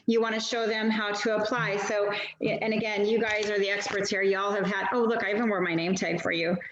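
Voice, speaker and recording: A woman's voice: mid-range voice, flat delivery, a little fast, fairly bright tone. Chatty woman demoing on a roomy call. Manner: chatty, self-deprecating, full of asides. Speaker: nail polish stylist training other sellers. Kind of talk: casual instructional demo on a video call. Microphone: video call mic. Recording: dull, roomy video call audio.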